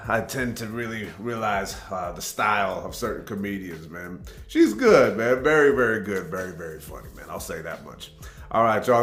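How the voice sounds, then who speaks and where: Man, casual reaction host, relaxed drawl, echoey room, soft background music. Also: lowish voice. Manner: laid-back, drawling, says "man" a lot.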